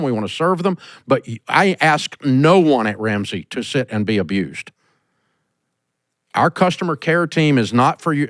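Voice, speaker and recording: A middle-aged man hosting a call-in business advice show, blunt and animated as he tells stories, recorded in a studio. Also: mid-range voice, no echo. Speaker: host giving business advice.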